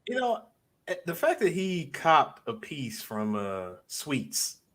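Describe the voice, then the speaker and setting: A man co-hosting a casual podcast, swinging through a wide, lively pitch range as he retells scenes. His voice sits a touch high for a man. He stammers and restarts, pushing to finish his point. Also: slow pace. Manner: animated, re-enacts scenes with loud acted-out quotes; stammers and restarts to hold the floor. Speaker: podcast co-host. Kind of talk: casual film discussion.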